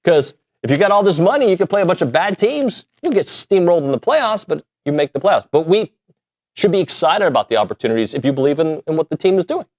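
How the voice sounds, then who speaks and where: A man hosting a sports talk show, talking casually in an animated, joking way that pokes fun at himself. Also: a little high, fast talker. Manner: animated, self-deprecating, jokey. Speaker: sports radio host.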